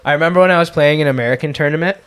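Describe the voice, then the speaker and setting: A man's voice: a little high, racing, fairly bright tone, clear, resonant tone. A young man from Canada hosting a podcast, chatting casually in a loose, profane, rambling way with many restarts. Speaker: podcast host and comedian. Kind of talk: casual chat.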